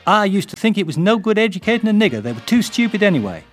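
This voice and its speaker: A man's voice: high-pitched, sing-song, fast talker, soft background music, voice pushed up. An Englishman putting on a Southern US airman. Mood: blunt. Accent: put-on American Southern, English-tinged. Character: young male US airman, bigoted southerner.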